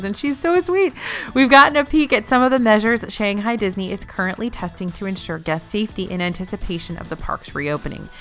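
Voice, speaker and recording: A woman's voice: mid-range voice, a bit bright. A woman hosting a weekly news roundup, reading in a news-anchor style with playful asides. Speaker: news host.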